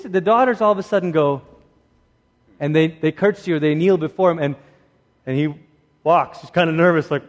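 A man preaching a sermon in a conversational, animated way, swinging between lively asides and hushed, emphatic lines. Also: a little high, a little fast. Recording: long hall reverb.

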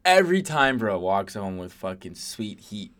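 A man's voice: on the low side, very animated, moderate pace, a bit bright. A man co-hosting a podcast, chatting casually, swearing freely and telling stories through quoted lines. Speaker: podcast co-host.

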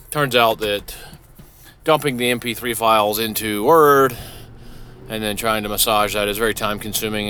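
A man's voice: on the low side, bright, forceful tone, slight background noise. A middle-aged man hosting a solo podcast from his vehicle, talking casually and profanely with frequent restarts. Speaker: podcast host. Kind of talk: rambling solo podcast monologue. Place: inside a parked vehicle.

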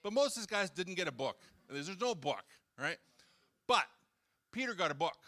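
A high-sitting voice with big pitch swings and a sharp tone belongs to a pastor speaking at normal speed in a church hall. His sermon is conversational, full of jokes, audience interaction, and acted-out quotes.

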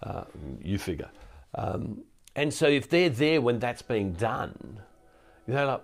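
A man's voice: medium pitch, big pitch swings, slow pace, vocal fry. An older man giving a recorded teaching talk as a Catholic preacher, speaking conversationally with frequent restarts and repeated words. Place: ministry centre studio.

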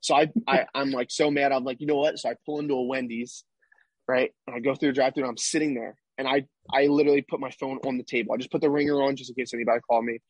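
Husky young man telling a story. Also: mid-range voice, fairly even intonation, racing, no room sound. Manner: rambling, tag questions like "right?". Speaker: podcast guest, baseball player. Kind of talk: casual storytelling interview.

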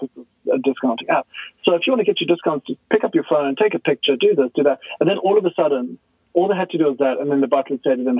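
A man as a guest expert, explaining in a casual, animated way and acting out quoted dialogue. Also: a little high, fast talker, no echo. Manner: animated storyteller who acts out quoted dialogue. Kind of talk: conversational podcast explanation. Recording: tinny phone line, dry.

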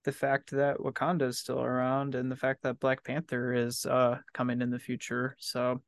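A man's voice: medium pitch, monotone, moderate pace. A man chatting casually as a podcast guest, rambling and laughing often. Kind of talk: casual chat.

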